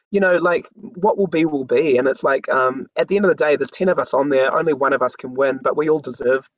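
A man's voice: medium pitch, no room sound, highs cut off. A man chatting as a guest in an interview, giggly and chatty with lots of fillers. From New Zealand. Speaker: guest, drag performer. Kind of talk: casual interview chat.

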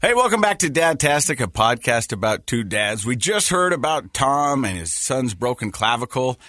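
A man's voice: medium pitch, moderate pace, no echo, clean studio sound. A man in his forties co-hosting a podcast, telling a family story in casual chat and laughing as he goes. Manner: animated, laughs while telling stories. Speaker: podcast co-host.

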